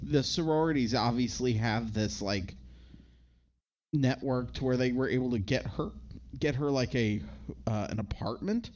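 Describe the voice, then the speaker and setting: A man's voice: mid-range voice, lively intonation, a little slow, darkish tone. Lo-fi casual male podcast co-host. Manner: rambling, laughs often, slips into impressions. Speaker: podcast co-host recapping a movie. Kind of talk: casual chat.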